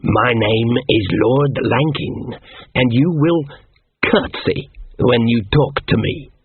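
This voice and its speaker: A man voicing an arrogant, commanding male elf lord who speaks slowly and imperiously. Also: mid-range voice, breathy edge, no room sound. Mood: cold. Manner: slow, imperious. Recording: tinny phone-like, dry.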